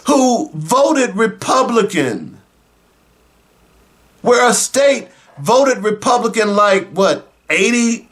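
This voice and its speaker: Male radio host, high-pitched, unhurried, sarcastic, shouts for emphasis, talks right to the audience. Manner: animated, sarcastic, bursts into shouting; addresses listeners directly and casually. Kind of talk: talk radio commentary.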